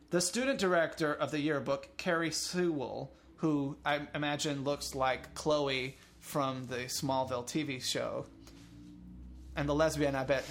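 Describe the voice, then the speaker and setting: A man co-hosting a casual talk show, reading news items and making crude, sarcastic jokes. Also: a little high. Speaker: podcast co-host. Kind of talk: irreverent casual news chat.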